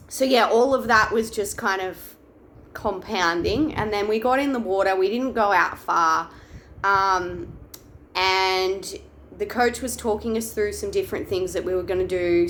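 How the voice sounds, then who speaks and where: A woman's voice: medium pitch, a bit bright, slight background noise. Chatty woman telling a story. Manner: chatty, many "like" fillers and restarts. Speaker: wellbeing vlogger. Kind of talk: casual personal storytelling.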